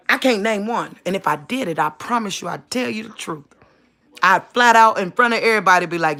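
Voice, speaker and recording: Brief: woman, gravelly, bright, animated live-stream talker. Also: moderate pace. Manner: animated, laughing, rising to high pitched outbursts. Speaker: livestream host. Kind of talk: casual live-stream talk.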